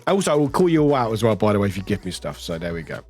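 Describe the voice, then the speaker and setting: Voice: low-pitched, sing-song, faint music behind. Chatty streamer reading chat aloud. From United Kingdom. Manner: chatty, rambling, warm toward chat, quick laughs. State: slight lingering cough.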